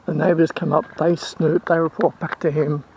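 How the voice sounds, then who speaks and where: A man's voice: on the high side, flat delivery, normal speed, a little mellow, dull audio, a little hiss or hum. A man with an Australian accent, rambling and complaining in a casual vlog rant, repeating himself as he goes. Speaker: vlogger and house sitter.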